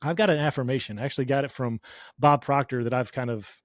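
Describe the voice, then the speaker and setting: A man's voice: medium pitch, quick pace, dry recording, clean studio sound. A man speaking as a podcast guest in an earnest, sincere, motivational way about faith and business. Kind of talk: casual faith-focused conversation.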